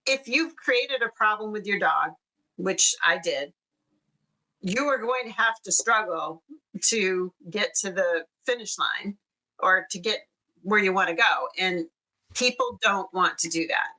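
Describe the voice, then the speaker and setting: A woman's voice: mid-range voice, measured pace, bright, forceful tone, poor audio. A woman guest on a podcast, a dog owner who speaks earnestly and thoughtfully. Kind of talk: casual podcast chat.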